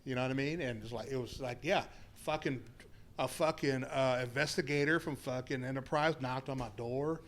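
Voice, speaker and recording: A man's voice: medium pitch, moderate pace. A man telling a rambling, profane story in casual podcast chat. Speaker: podcast guest.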